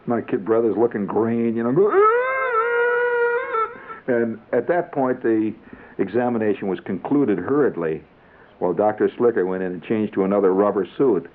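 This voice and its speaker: On a tinny 1970s radio broadcast with slight background noise, a man with a lowish voice delivers a comic monologue at a fairly quick clip. This storyteller rambles conversationally, dropping in chuckling asides.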